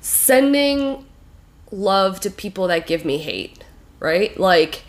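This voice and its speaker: A woman's voice: medium pitch, slow. A young woman co-hosting a podcast, chatting casually and telling stories, often laughing and swearing. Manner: animated, laughing, swearing storyteller. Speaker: podcast co-host. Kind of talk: casual chat.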